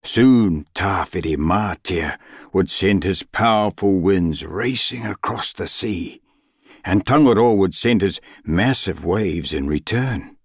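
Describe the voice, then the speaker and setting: Slow, husky male storyteller. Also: deep voice, no room sound, studio quality. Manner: slow, expressive read-aloud with dramatic pauses. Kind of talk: storybook narration.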